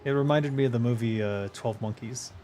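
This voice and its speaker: A man chatting casually during a gaming stream, laid-back and quick to laugh, with the odd swear word. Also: medium pitch, warm tone, slight background noise. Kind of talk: casual chat while gaming.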